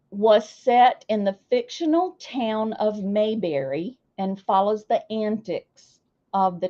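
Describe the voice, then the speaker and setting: A woman's voice: medium pitch, a little mellow, highs cut off. A woman hosting a casual livestream, chatting with viewers and calling out their names with a chatty, self-deprecating manner. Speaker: livestream host.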